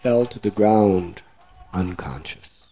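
A man telling an epic tale in measured, vivid storytelling. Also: fairly low pitch, dull audio, soft background music. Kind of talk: dramatic storytelling.

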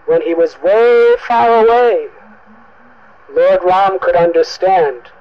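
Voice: mid-range voice, slow, dull audio. A storyteller dramatically recounting an epic in a vivid, emphatic manner. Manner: vivid, emphatic, repetitive for effect.

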